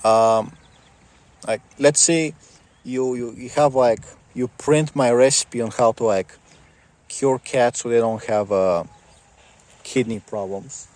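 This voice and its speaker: A man's voice: mid-range voice, slow, long pauses, darkish tone, dry recording. Rambling sarcastic man ranting. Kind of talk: casual rant to camera.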